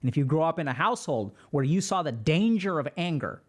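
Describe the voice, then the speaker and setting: Calm, reflective man host. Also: on the high side, fairly quick. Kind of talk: reading and commenting on a viewer post.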